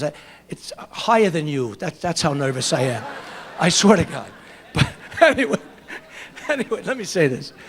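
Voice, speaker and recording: Man, Brooklyn accent, stand-up emcee, high pitch, brash and joking, stage microphone. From Brooklyn, New York. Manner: brash, joking, repeats himself. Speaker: comedian and emcee. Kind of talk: stand-up comedy. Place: auditorium stage.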